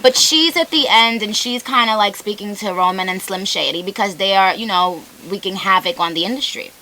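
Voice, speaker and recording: A woman guesting on a radio show, telling animated, playful stories in casual chat. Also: medium pitch, fairly quick, slight background noise, poor audio. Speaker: guest artist. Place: radio studio.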